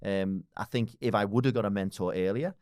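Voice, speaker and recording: A man's voice: on the low side, brisk, a little mellow, clear, resonant tone, dry recording, clean studio sound. A man in his forties with a British accent, talking bluntly as a podcast guest, swearing freely and laughing often. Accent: British English. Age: 40s. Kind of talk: casual podcast conversation.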